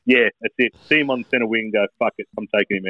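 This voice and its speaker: A relaxed Australian man with a medium voice, co-hosting over a video call. He chuckles often. His audio is dry and a little dull. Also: on the low side, quick pace, no room sound. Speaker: podcast co-host. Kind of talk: casual chat.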